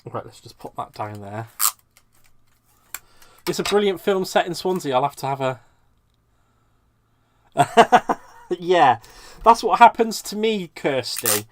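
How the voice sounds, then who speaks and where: A man's voice: a little high, very animated, slow pace, pauses often, slight background noise. Chatty man hosting a craft stream. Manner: chatty, self-mocking, laughs often. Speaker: live craft stream host. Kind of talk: casual live-stream chat while crafting.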